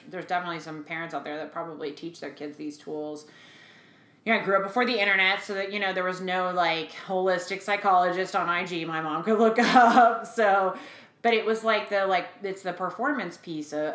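Chatty woman podcaster in an echoey room. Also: lowish voice. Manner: chatty, animated retelling with fillers and quoted voices. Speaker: podcast co-host. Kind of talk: casual chat.

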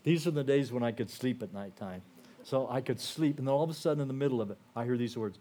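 A man's voice: mid-range voice, fast. An older man giving a personal testimony to a church audience. He tells the story in a conversational way, with lots of "you know" and restarts, and he turns earnest and emotional. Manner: earnest and emotional, dropping softer at heavy moments. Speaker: guest speaker sharing his testimony.

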